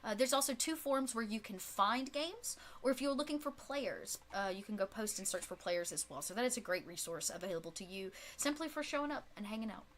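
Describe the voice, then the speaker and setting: A woman's voice: on the high side, animated, fairly quick, hardly any pauses, fairly bright tone. A woman, the game master and host of the channel, chatting casually and in a friendly way after a game, with many fillers. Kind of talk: casual post-game chat.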